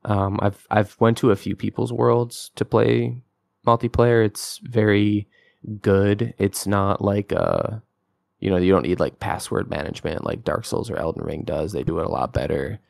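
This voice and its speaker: Gravelly young man chatting about games. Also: fairly low pitch, fairly even intonation, normal speed, darkish tone, no room sound, studio quality. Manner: rambling, filler-heavy, enthusiastic. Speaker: podcast co-host. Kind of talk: casual game-review chat.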